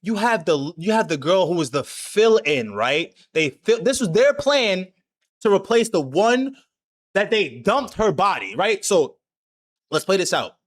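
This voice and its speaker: A man with a high voice that leaps around in pitch recaps an anime in loose, slang-heavy chat. He swears freely and tells the story with lively energy. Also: a little slow. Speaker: anime discussion host.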